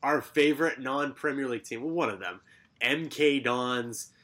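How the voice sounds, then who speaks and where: Male podcast co-host, bright forceful tone, sarcastic, brisk fixture rundown. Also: mid-range voice. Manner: lively, rattles through fixture lists with sarcastic asides. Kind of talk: casual sports podcast chat.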